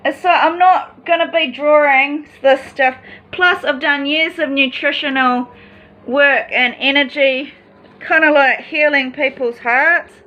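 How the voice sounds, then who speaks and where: A woman's voice: high-pitched, steady tone, slow pace, dull audio. A woman in a personal vlog monologue, talking in an agitated, rambling and distressed way.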